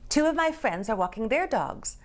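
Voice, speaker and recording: A woman reading a children's picture book aloud in an expressive storytelling voice, dropping into whispers and rising to excited cries. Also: a little high, normal speed, a little hiss or hum. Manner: animated, dips into whispers and rises to excited cries. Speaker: storybook reader.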